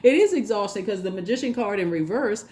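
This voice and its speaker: A woman giving a casual tarot reading, chatty and animated, laughing often and talking straight to her viewers. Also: mid-range voice, brisk. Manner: addresses viewers directly and casually. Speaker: tarot reader.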